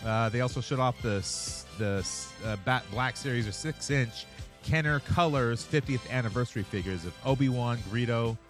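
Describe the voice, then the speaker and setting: Casting: easygoing podcast co-host, mid-pitched voice, faint music behind. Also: male voice, normal speed. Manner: laid-back, teasing, laughs often. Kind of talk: casual chat.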